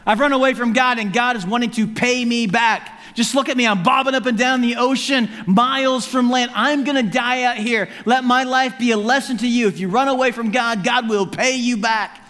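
A man's voice: extremely high pitch, steady tone, normal speed, hardly any pauses, bright, forceful tone, pitched above the performer's own voice. A man voicing a panicked, drowning prophet who blames himself, pleading and exasperated. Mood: desperate. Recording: long hall reverb.

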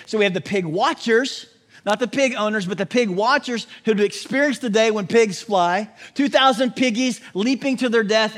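High-pitched guy pastor preaching, animated, cracks puns. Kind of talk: sermon.

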